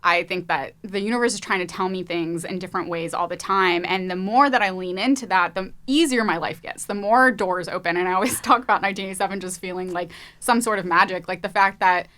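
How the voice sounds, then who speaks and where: A young woman talks casually as a podcast guest. Her voice sits a little low but comes out bright and forward. She keeps an upbeat, rambling flow full of filler words and easy laughs. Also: brisk, hardly any pauses. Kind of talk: casual chat.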